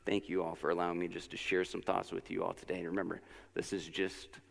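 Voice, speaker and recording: A man's voice: deep voice, little pitch movement, quick pace, vocal fry, slight background noise. A man giving a casual, conversational sermon at a church service, encouraging and full of personal anecdotes and asides. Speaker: lesson speaker at a church service. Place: church sanctuary. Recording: long church-hall reverb.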